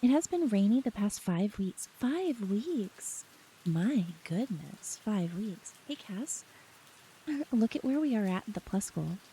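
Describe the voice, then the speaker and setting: A woman streamer chatting softly and giggling often as she greets her chat, close to the mic with faint rain behind. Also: medium pitch, lively intonation, slow pace, slight background noise, low-quality recording. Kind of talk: soft-spoken live-stream chat. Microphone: close ASMR microphone.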